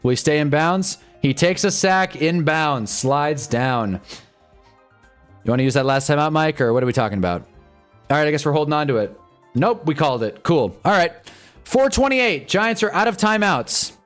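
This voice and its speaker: A man's voice: a little high, animated, normal speed. Exasperated young man on a fan stream. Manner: wry, exasperated fan commentary, loose and rambling. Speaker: livestream host reacting to a football game. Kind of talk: casual live commentary and chat. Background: faint music.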